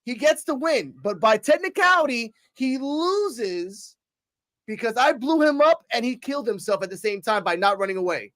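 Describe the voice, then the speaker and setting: High pitched dude hosting a chill interview, swearing and doing voices while he tells a story. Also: moderate pace. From Puerto Rico. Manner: animated storyteller, swears freely, acts out voices. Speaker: host interviewing a streamer. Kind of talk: casual podcast interview.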